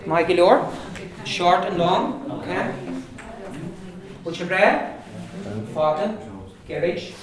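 A man's voice: high voice, slow. A man teaching a language class, saying words aloud and repeating them patiently for his students. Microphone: distant recorder in the room. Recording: echoey room, far from the mic, class chatter.

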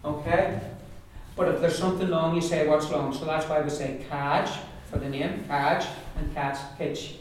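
A man teaching a pronunciation class, repeating words slowly for students to drill. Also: fairly high pitch, fairly even intonation, slight background noise. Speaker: Irish language teacher. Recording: echoey room, distant mic.

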